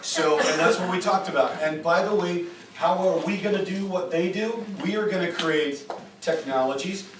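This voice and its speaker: A man's voice: high voice, moderate pace. Chatty man lecturing in an echoey room. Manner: animated, chatty, rhetorical "right?". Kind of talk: informal lecture with storytelling. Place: group retreat room. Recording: echoey room, distant mic, faint hiss.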